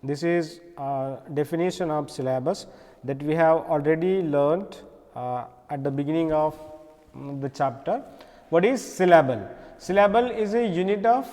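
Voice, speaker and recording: A man with an Indian accent teaching an English lesson, explaining slowly with many pauses and repeated words. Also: a little high, a little mellow, big-room sound. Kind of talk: classroom lecture.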